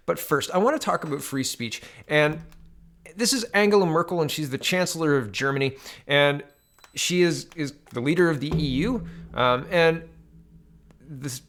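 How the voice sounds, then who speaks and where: A man's voice: on the high side, normal speed, a bit bright. A man from Canada giving casual political commentary to camera, loose and conversational, with restarts and quotes read aloud.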